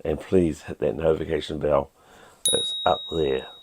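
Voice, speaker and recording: A man's voice: very deep voice, steady tone, moderate pace, gravelly, noisy background. A middle-aged man with a New Zealand accent, hosting a casual toy-collecting vlog in a chatty, self-deprecating way. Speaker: toy collector channel host.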